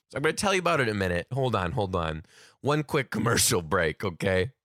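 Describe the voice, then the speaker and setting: A man and comedian telling a story casually to camera, animated, laughing often and swearing freely. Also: fairly low pitch, fast talker, no room sound, clean studio sound.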